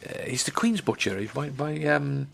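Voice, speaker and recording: A man's voice: mid-range voice, creaky, a bit bright, slightly rough. A man hosting a radio food and travel show, chatting casually with lots of ums and restarts. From England. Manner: halting, many ums and restarts. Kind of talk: rambling casual radio chat.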